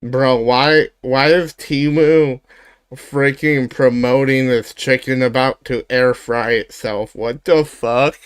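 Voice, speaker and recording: A man's voice: mid-range voice, fairly even intonation, takes it slowly, clean tone, dry recording, studio quality. A young man streaming live, chatting casually, laughing a lot and brushing off his friend's teasing. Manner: laughs often, denies teasing with "bruh".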